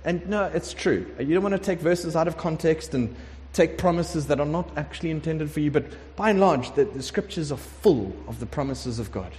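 A man preaching a conversational sermon, emphatic and lively, sometimes acting out prayers. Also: fairly high pitch, moderate pace, hardly any pauses. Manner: conversational, emphatic, acts out prayers in shifting voices. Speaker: pastor. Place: warm room with congregation. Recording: long hall reverb.

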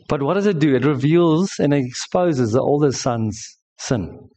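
A man's voice: medium pitch, animated, measured pace, dark tone. A man preaching a sermon to a congregation. He tells stories emphatically and jokes with the listeners. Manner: storytelling, emphatic, joking with the congregation. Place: church service.

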